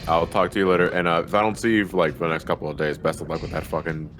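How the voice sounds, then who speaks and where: A man's voice: low voice, little pitch movement, rapid-fire, over music. A man hosting a gaming livestream, chatting casually and reading out donations with jokes and swearing. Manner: profane, joking and laughing often. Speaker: livestream host.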